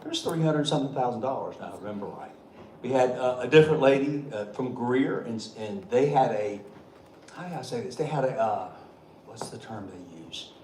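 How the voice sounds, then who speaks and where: A man's voice: medium pitch, expressive, brisk, a little mellow. Man, folksy and joking, echoey meeting room, faint hum. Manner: folksy, joking, chuckling often. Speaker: state treasurer. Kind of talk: storytelling speech at a meeting. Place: meeting hall.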